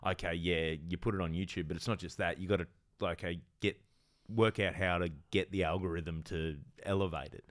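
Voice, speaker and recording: A man's voice: deep voice, fairly even intonation, fairly quick. A man, hosting a comedy podcast and talking casually, often restarting his sentences. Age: 40s. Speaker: podcast host. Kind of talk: casual chat.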